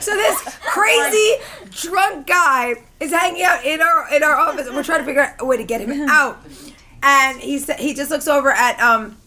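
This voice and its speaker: A woman convention organizer in a casual group chat, an animated storyteller who laughs often and acts out the people she quotes. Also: sits high, moderate pace. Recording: loud crowd noise behind.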